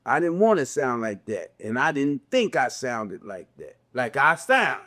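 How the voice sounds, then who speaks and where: Older man with a slow Southern drawl. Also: mid-range voice, sing-song, fairly bright tone. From American South, raised in a city. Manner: slow, drawn-out, conversational with repeated phrases. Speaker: religious teacher. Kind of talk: spoken religious reflection.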